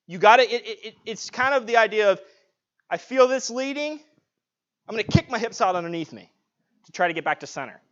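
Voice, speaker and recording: A man with a fairly high voice leads a live-streamed self-defense class, talking casually and checking in as he demonstrates. He wears a clip-on mic, and the audio is dull and lo-fi. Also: pushed and bright. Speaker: martial arts instructor. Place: martial arts studio. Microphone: clip-on mic, sometimes knocked off.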